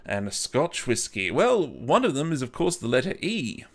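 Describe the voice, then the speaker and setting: A man's voice: mid-range voice, big pitch swings, moderate pace, gravelly. A man hosting a casual whisky review, rambling and joking at his own expense, with many restarts and stumbles. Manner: rambling, jokey and self-mocking.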